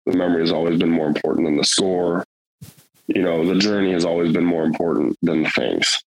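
A man's voice: low-pitched, brisk, poor audio. A middle-aged man telling a hunting story in casual, rambling, earnest talk, with many fillers and restarts.

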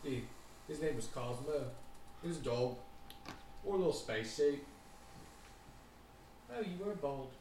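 A man's voice: on the high side, lively intonation, a little slow, pauses often, darkish tone, a little hiss or hum. Guy doing a rambly goofy alien dude, very echoey room, sounds far off the mic. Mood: chatty. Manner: rambling, jokey, tangent-prone. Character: odd offbeat alien man, chatty and rambling.

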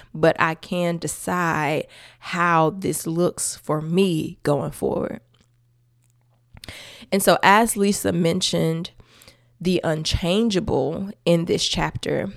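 Expressive woman with a gravelly low voice. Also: dry recording, studio quality. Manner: expressive and emphatic, with church-style asides to listeners; laughs often while telling her story. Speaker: podcast host sharing her testimony. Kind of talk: personal faith testimony, conversational.

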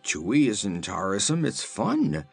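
A man's voice: fairly low pitch, wildly swooping pitch, unhurried, creaky, breathy edge, faint music behind, heavily acted. A man voicing an obstinate, greedy storybook beast that loves to chew. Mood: stubborn. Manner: obstinate, matter-of-fact. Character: greedy stubborn beast, male, munching.

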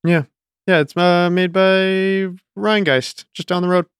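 A man's voice: high voice, steady tone, a little slow, clear, resonant tone, dry recording, clean studio sound. A man player in casual, wry banter at a tabletop game podcast.

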